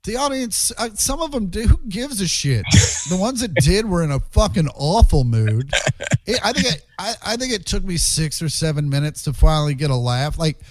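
A man, a stand-up comedian, telling road stories in a casual chat. He is profane and animated and acts out the quotes. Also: high voice, moderate pace.

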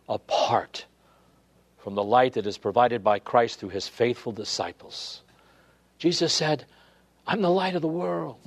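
A man preaching a sermon, building to emphatic peaks and then dropping low and quiet. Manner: preaching with swelling emphasis, dropping to near-whisper at times. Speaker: pastor.

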